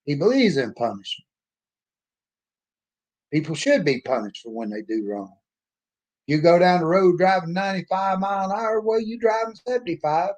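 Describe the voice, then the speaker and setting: A man's voice: high voice, very animated, normal speed, long pauses, a little mellow. Blunt man telling a story. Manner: folksy, blunt, opinionated. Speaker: author and speaker. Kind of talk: storytelling monologue.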